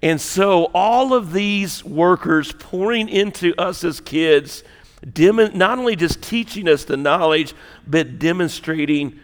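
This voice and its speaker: Smooth-voiced pastor preaching in a reverberant hall. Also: male voice, high voice, takes it slowly. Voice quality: joking, conversational preaching with rising emphasis. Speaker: lead pastor. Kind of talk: sermon. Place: church auditorium.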